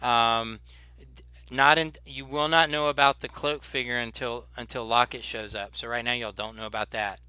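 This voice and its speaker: A man's voice: mid-range voice, steady tone, moderate pace, bright, forceful tone, clean tone, no echo. A man running a tabletop game as game master, laid-back and rambling with lots of fillers.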